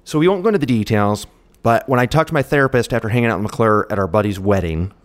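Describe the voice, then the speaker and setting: A man's voice: lowish voice, quick pace, slight background noise. A man chatting casually with a friend, joking and swearing as he tells stories. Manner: joking, profane, animated storytelling. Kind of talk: casual chat.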